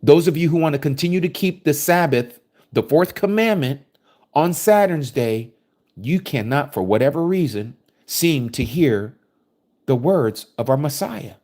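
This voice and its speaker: Man preaching with a lively, animated voice. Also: fairly high pitch, a little slow. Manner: forceful, preachy, rhetorical questions. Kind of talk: sermon reading and explaining scripture.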